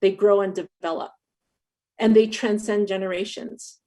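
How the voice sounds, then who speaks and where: Woman panelist, reflective and thoughtful, mid-pitched voice. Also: steady tone, moderate pace, dark tone. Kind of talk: webinar panel talk.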